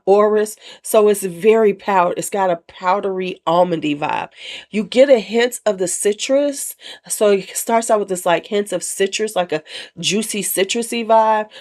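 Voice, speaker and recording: A woman's voice: lowish voice, darkish tone. A woman casually reviewing perfumes in a chatty, candid way, with slangy asides. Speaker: perfume vlogger.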